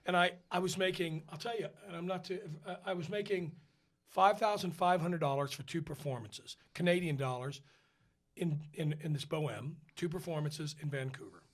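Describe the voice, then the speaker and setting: A man's voice: on the high side, moderate pace. An American man, an opera tenor, telling a casual story on a podcast and acting out the people he quotes. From United States. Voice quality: animated storyteller who acts out quoted voices. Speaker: podcast co-host.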